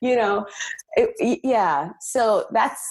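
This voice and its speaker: A woman with a faint Long Island New York accent, a podcast guest in casual chat, talking with quick laughs and trailing restarts. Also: on the high side, lively intonation.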